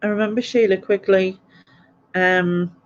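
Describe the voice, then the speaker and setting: A woman's voice: mid-range voice, fairly even intonation, a little slow. Chatty woman hosting a late-night stream. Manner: chatty, rambling, reads viewer comments aloud with small laughs. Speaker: livestream quiz host. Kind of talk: casual late-night livestream chat. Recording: dull, lo-fi stream audio.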